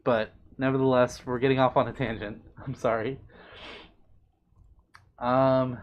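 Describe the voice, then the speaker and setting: A man casually chatting on a live stream, reading out chat messages in a playful, doting, bubbly way with big jumps in pitch. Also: slow, long pauses.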